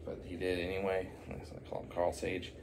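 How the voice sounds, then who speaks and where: A man's voice: low-pitched, completely flat delivery, normal speed, noisy background. A man improvising a silly story, rambling with many fillers and asides.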